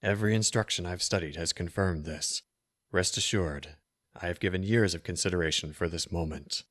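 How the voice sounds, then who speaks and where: A man voicing a cruel, frail old sorcerer in a storybook reading, speaking raspy, slow and cold with a hissing edge. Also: low-pitched, fairly bright tone, no room sound, clean studio sound. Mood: menacing. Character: cruel menacing old male sorcerer, frail yet powerful.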